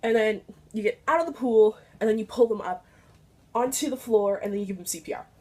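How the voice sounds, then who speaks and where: A young woman vlogger telling a story casually, animated and swearing freely, her voice climbing high when she gets excited. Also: brisk.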